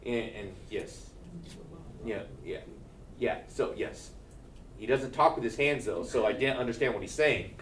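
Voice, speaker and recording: A man's voice: mid-range voice, a little slow, far from the mic, a little hiss or hum. A male math teacher giving a classroom lecture, checking in with his students and joking between steps. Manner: keeps checking in with "right?", joking asides.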